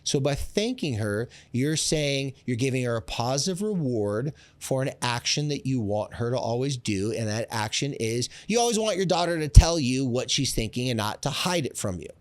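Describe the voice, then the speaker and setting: A man hosting a therapy podcast, talking straight to fathers in an animated coaching manner and acting out little scenes. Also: mid-range voice, moderate pace, few pauses, no room sound. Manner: coaching, direct address to dads. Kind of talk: podcast advice talk.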